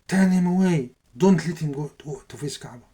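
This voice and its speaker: A man voicing a furious, cruel male tyrant governor who shouts threats and orders. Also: mid-range voice, moderate pace, close to an everyday voice. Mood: menacing, furious.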